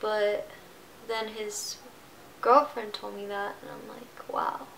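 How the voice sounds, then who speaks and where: A woman in her twenties talking to camera about something personal, halting and emotional, with many restarts. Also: mid-range voice, flat delivery, gravelly, fairly bright tone, slight background noise, rough recording. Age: 20s. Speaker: vlogger. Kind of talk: personal vlog confession.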